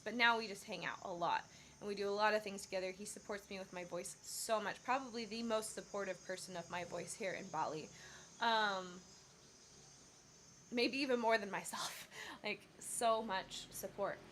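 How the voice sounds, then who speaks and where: A woman's voice: mid-range voice, fairly bright tone, slight background noise. A woman singer telling a rambling story on her casual livestream, with many fillers and self-corrections. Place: Bali.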